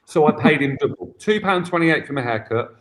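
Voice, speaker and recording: Chatty man, fairly high voice. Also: lively intonation, fairly quick, fairly bright tone. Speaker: guest, football academy coach. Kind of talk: casual chat.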